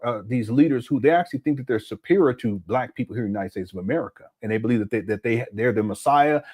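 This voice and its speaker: A man's voice: mid-range voice, darkish tone. A man hosting a live stream, talking conversationally and reading viewers' chat messages aloud as he reacts to them. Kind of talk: casual commentary live stream.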